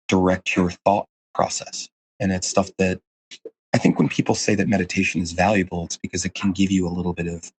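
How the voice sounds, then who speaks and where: A man's voice: deep voice, a little mellow, slight background noise. A man as a podcast guest, talking earnestly in a casual, rambling way with lots of fillers and restarts. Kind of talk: casual interview conversation.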